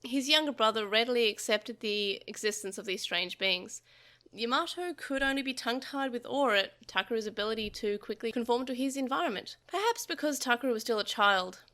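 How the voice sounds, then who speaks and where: A young adult woman reading a novel aloud for a podcast, telling the story in a lively way with small slips and restarts. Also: on the high side, fairly quick.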